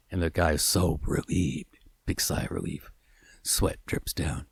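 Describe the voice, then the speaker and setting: A man telling an improvised story in a halting, earnest way with many restarts. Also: deep voice, lively intonation, creaky, darkish tone, slightly rough, no room sound, clean studio sound.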